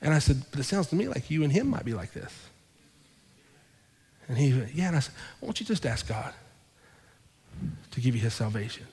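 Husky and mid-range, a pastor talks a little fast with long pauses, his words leaving a long reverb tail in the church sanctuary. He's retelling a story in his sermon, animatedly acting out the dialogue.

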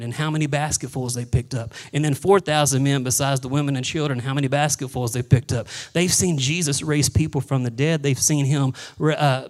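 Man, pastor, sermon, high voice, animated, acts out figures, hushes for solemn moments. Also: rough recording.

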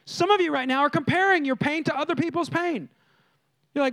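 A man's voice: very high-pitched, fairly quick. A man preaching a sermon in church, telling stories and speaking directly to his congregation. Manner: lively storytelling preacher, addresses the congregation directly. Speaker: pastor.

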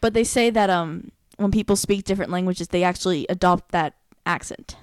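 A woman co-hosting a casual chat, telling stories animatedly and jumping up into high, playful voices when she quotes someone. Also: brisk, clear, resonant tone, dry recording, studio quality. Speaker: co-host.

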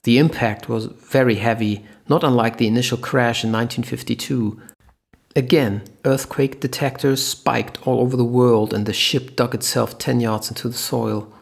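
A man's voice: mid-range voice, creaky, breathy edge. A man voicing a stern military general. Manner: clipped, formal report.

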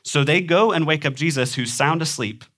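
A man's voice: fairly high pitch, moderate pace, fairly bright tone. A young adult man with a nasal Midwestern accent, preaching a sermon in a conversational way with frequent ums and small laughs. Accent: Midwestern American. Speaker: pastor.

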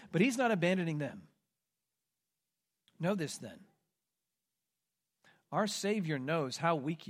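A man preaching a sermon, swinging between loud, emphatic declarations and hushed, quiet asides. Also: high-pitched. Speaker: pastor.

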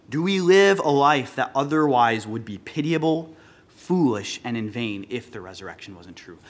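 A man's voice: mid-range voice, expressive, moderate pace. A man preaching an earnest sermon, rising with emphasis when he quotes scripture. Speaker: pastor.

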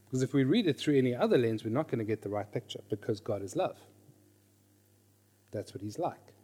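A middle-aged man teaching a class on reading scripture. He is lively, questions his listeners, and repeats his key phrases. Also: mid-range voice, fairly quick, breathy edge. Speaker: Bible teacher.

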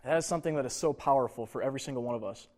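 A man preaching a sermon in a conversational way, with casual asides and quick mock voices. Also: mid-range voice, a little mellow. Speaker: pastor.

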